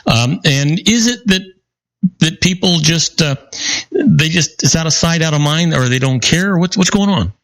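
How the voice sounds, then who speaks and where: A man hosting a talk show, asking questions with halting, searching phrasing. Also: a little high, lively intonation, fairly bright tone, no room sound. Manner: hesitant, searching for words. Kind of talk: casual radio talk.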